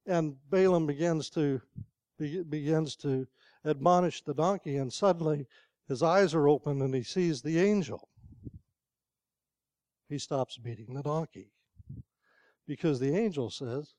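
A man's voice: on the high side, measured pace, long pauses, darkish tone, no room sound. An older man preaching a sermon in a conversational storytelling way, asking the congregation questions.

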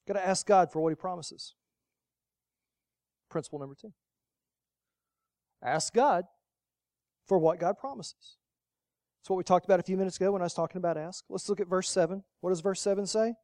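Pastor, emphatic sermon delivery, repetitive and rhetorical, mid pitch, dry close sound. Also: brisk, no echo. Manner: swings between loud emphatic lines and quiet, low asides; rhetorical, repeats key phrases for emphasis.

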